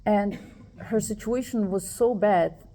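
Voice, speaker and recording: A woman's voice: mid-range voice, takes it slowly. A woman telling a personal story to other women, retelling it with emotion and quoting the people involved. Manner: emotional, animated retelling with quoted dialogue. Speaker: speaker addressing women.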